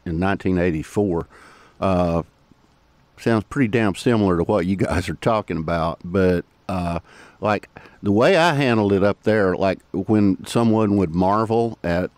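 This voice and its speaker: A man's voice: deep voice, a little slow, darkish tone, no echo. A man, hosting a podcast interview in a folksy, joking, conversational way. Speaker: podcast host.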